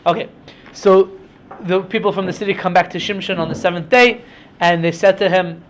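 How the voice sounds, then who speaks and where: A man with a high voice teaches by retelling a story in a relaxed, chatty way. He often stops for asides and checks that listeners follow. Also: normal speed. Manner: chatty, with frequent fillers and asides. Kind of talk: casual storytelling lesson.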